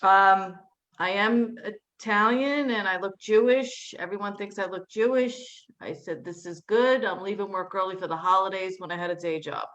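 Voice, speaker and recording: A woman working through a stand-up set in a chatty, rambling way. Her pitch sits in the middle of the range, and she drops into flat, lower tones whenever she mimics relatives. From Staten Island, New York. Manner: chatty, quick asides, mimics family in a flat low voice. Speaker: stand-up comedian.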